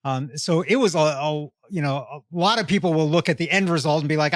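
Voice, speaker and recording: A man's voice: on the high side, a little fast, no echo, studio quality. A middle-aged man hosting a podcast, asking long, friendly framing questions and affirming often. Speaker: podcast host. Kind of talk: interviewing.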